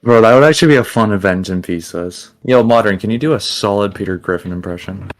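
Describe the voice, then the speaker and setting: Deep-ish guy cracking crude jokes on a podcast, teasing everyone. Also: fast talker. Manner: crude, teasing, swears freely. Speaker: podcast host. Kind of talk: casual banter.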